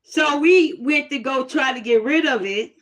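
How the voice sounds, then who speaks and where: A woman casually telling a personal testimony story, animated and plain-spoken, laughing often. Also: high-pitched, moderate pace. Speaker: host sharing a testimony.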